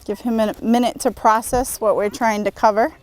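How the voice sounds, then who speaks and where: Calm woman training a horse outdoors. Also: on the high side, normal speed, low-quality recording. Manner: calm, patient instructions, soft praise to the horse.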